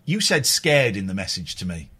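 A man hosts a radio phone-in and teases his callers in quick-witted, playful banter. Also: lowish voice, big pitch swings, pushed and bright, slight background noise.

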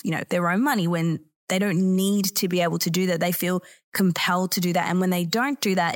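A woman hosting a podcast, explaining a topic in a clear, educational way with lively emphasis on key words. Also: lowish voice. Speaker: podcast host. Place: Bali.

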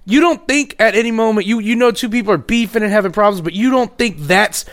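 A man's voice: high voice, fast, fairly bright tone. A man co-hosting a podcast, chiming in with casual, profane chat. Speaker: podcast co-host.

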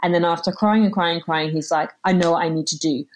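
A woman's voice: on the low side, steady tone, fast talker. A woman, hosting a podcast and chatting reflectively, who acts out little quotes with animation. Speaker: podcast host. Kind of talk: casual conversation.

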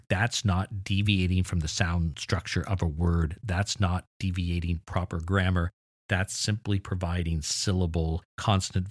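Deep-voiced man explaining enthusiastically. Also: dry recording, clean studio sound. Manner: enthusiastic, explanatory, mildly exasperated asides. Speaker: podcast host. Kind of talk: educational podcast talk.

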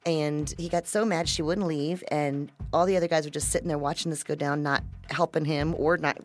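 A woman narrating a true-crime story in a measured, conversational way. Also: sits low, fairly even intonation. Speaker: podcast narrator.

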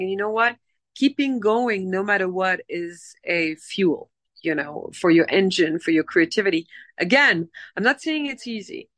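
Animated motivational woman, dry close sound. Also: mid-range voice, dry recording. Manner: animated, motivational, acts out inner voices. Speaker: guest, dubbing producer. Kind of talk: casual podcast interview.

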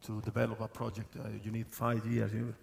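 A man, a football club manager, answering questions on stage at a live event, halting with many fillers and often laughing. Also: fairly low pitch, monotone, vocal fry, a little mellow, slight background noise.

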